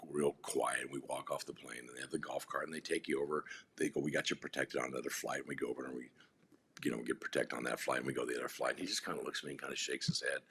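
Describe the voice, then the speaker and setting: A middle-aged man telling rambling, animated stories in a casual podcast chat, often restarting his sentences. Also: rumbling low, a little hiss or hum. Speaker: podcast guest.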